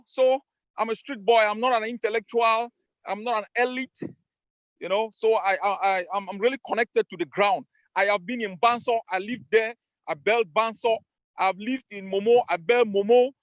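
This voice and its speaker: Emphatic high-voiced Cameroonian man. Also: dry recording. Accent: Cameroonian English. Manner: emphatic, defiant, repeats phrases for force. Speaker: political leader. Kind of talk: rallying speech on a video call town hall. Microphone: video call.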